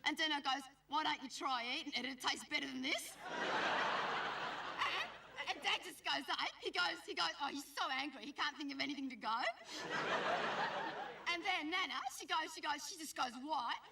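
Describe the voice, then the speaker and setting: A bratty, cheeky young Australian schoolgirl whinges in a high, squeaky, gravelly voice at normal speed, pausing often. In this comic monologue to camera she gossips, rambles and mimics others, sitting a bit far from the mic on a noisy old TV recording.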